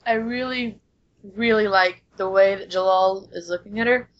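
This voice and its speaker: A woman's voice: medium pitch, moderate pace. A woman on a podcast panel, chatting casually with lots of "like". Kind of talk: casual group podcast chat. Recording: dull lo-fi audio.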